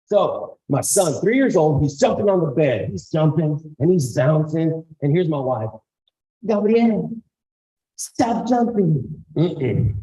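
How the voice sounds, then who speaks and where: A man's voice: a little high, moderate pace, few pauses, low-quality recording. A man giving a storytelling talk to school staff, acting out the people in his stories. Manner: animated storyteller, acts out voices. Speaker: guest speaker. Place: school auditorium.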